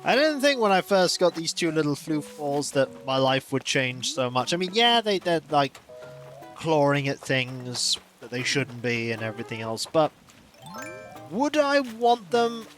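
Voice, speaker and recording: A man streaming a game and chatting casually in a rambling, animated way. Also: on the high side, unhurried, faint music behind. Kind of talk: casual chat while gaming.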